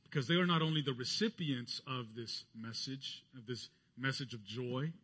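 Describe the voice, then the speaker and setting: A man's voice: moderate pace, sharp tone, husky. A man preaching a sermon earnestly, lifting his voice when he quotes others. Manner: earnest preaching, voicing quoted speech with rising pitch. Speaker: pastor.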